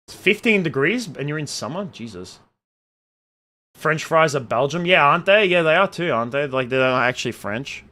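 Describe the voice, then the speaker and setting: Young man, bright sharp tone, casual streamer reading chat and arguing back with animated, opinionated energy. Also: fairly high pitch, normal speed. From Australia. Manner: animated and opinionated, jumping between loud outbursts and muttered asides. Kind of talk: casual chat, reading viewer comments aloud.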